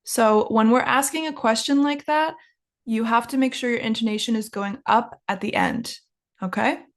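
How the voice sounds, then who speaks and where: A woman with a fairly high voice leads an English lesson built around shadowing practice. She speaks clearly and carefully, stretching her intonation up and down so every rise and fall is easy to imitate. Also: moderate pace. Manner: clear, careful enunciation with marked rising and falling intonation. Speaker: English teacher.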